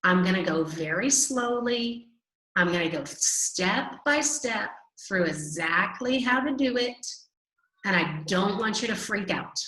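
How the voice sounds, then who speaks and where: Patient woman teacher for a recorded math lesson, unhurried and reassuring, roomy echo. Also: mid-range voice, animated, bright, forceful tone. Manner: slow, reassuring, drawn-out repetitions.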